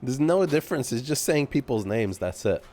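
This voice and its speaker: A man doing live sim racing commentary, relaxed and laughing often, tripping over driver names. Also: medium pitch, normal speed.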